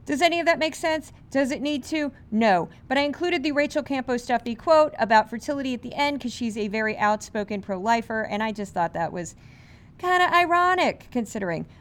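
A woman hosting a media commentary podcast, brisk, sarcastic and incredulous. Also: on the high side, animated. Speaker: podcast host.

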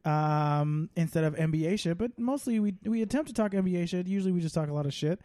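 A man's voice: high-pitched, fast talker, mellow, no room sound, clean studio sound. A man hosting a podcast in casual chat, joking around crudely and riffing on silly nicknames. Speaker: podcast host.

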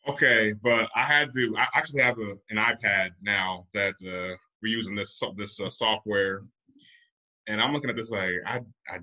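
A man's voice: fairly low pitch, normal speed, sharp tone. A man in his thirties, a podcast guest, telling rambling, hesitant stories in casual chat. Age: 30s. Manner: rambling, hesitant storytelling with filler. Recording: dull lo-fi audio.

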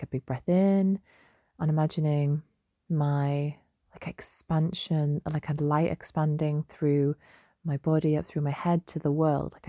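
A young woman hosting a solo podcast, chatty and gentle, with many fillers and restarts. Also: low voice, creaky, dry recording, clean studio sound. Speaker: podcast host. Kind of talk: casual solo podcast talk.

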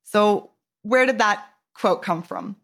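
A woman hosts a podcast and talks in a reflective way, thinking things through out loud. Her pitch sits in the middle range for a woman. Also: takes it slowly, creaky. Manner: reflective, thinks aloud with fillers. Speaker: podcast host. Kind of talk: conversational interview.

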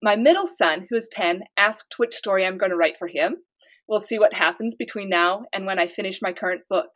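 A woman's voice: medium pitch, a little fast, fairly bright tone. A woman author from the United States, talking casually and earnestly in a podcast interview. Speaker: author guest.

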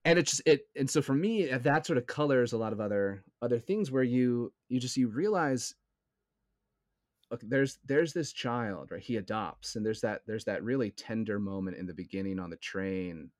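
A man's voice: mid-range voice, lively intonation, normal speed, no echo, clean studio sound. A man in a casual film discussion, speaking earnestly and often checking in with his listener. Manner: earnest, keeps checking in with "right?". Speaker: podcast co-host.

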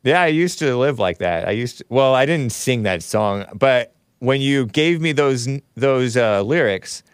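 A man's voice: mid-range voice, lively intonation, a little slow, clear, resonant tone, no echo, clean studio sound. A man hosting a live call-in stream, reading viewer messages in casual talk, often laughing, sighing and groaning in disgust. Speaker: show host reading super chats.

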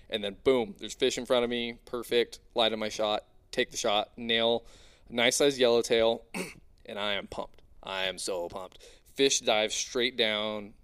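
A young man casually telling an animated, excitable diving story, full of fillers. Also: medium pitch, moderate pace, clean tone. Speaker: spearfishing diver guest.

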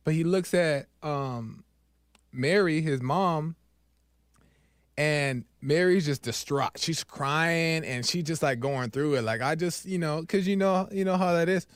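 A man hosting his own podcast, talking through a spiritual reflection in a loose, rambling way, full of fillers and "right?", sometimes dropping soft and low as he retells scenes. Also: measured pace, smooth, dry recording, clean studio sound. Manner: conversational, rambling, frequent "right?" and "um". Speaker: podcast host. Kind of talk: casual spiritual monologue.

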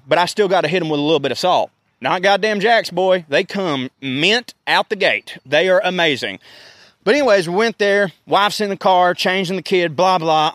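Man in his thirties, high-pitched voice, dry close sound, profane casual storyteller. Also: dry recording. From American South. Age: 30s. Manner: profane, animated storytelling with laughs. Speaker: podcast host.

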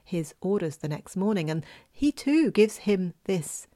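A woman telling a folk tale in a lively, expressive way, dropping at times into a whisper. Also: fairly low pitch, measured pace. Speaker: storyteller.

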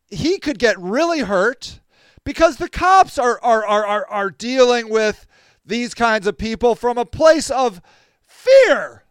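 Podcast host, male, high smooth voice, lively storyteller acting out quotes, close dry mic. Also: dry recording. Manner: animated, acts out quoted voices, laughs often. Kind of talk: casual storytelling monologue.

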